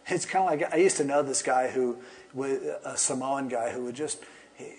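A man's voice: medium pitch, normal speed, a little mellow. Man teaching scripture in a casual way. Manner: casual, storytelling, with humorous asides. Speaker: pastor. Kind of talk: conversational Bible teaching.

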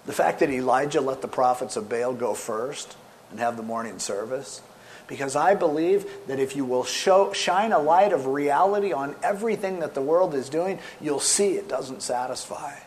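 A man preaching a sermon with animated storytelling, swinging between loud emphasis and soft asides. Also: medium pitch, normal speed, a little hiss or hum. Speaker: pastor.

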